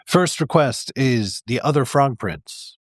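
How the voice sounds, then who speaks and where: A man hosts a livestream and reads a picture book aloud, rambling chattily with lots of fillers in a casual storytelling style. His mid-range voice has lively intonation and a slow pace, recorded with clean studio sound and no echo.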